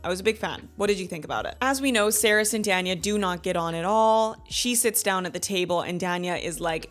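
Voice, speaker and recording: A woman in her thirties hosting a casual book club video, retelling the chapters in a gushing, animated way with quoted asides. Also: medium pitch, fairly quick, hardly any pauses, faint music behind. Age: 30s. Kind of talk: casual book review chat.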